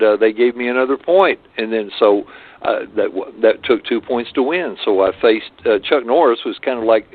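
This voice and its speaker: Older man, storytelling guest, halting and full of hesitations, mid-range voice, narrow tinny phone-line sound. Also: mid-range voice. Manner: rambling, many hesitations and restarts. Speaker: martial arts guest. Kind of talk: storytelling interview.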